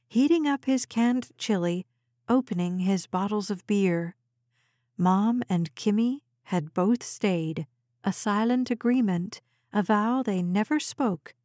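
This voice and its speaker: A woman reads a suspense novel aloud as an audiobook narrator, unhurried and measured. Her tone is warm and mellow, recorded close and dry with no room sound. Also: medium pitch, no echo. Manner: measured, even storytelling. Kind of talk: scripted narration.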